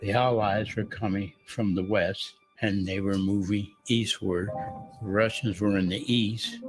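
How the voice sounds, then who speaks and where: A man's voice: lowish voice, rough recording. A man in his nineties, a war veteran, telling his wartime memories in a vivid, plain-spoken way. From United States. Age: 90s. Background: background music.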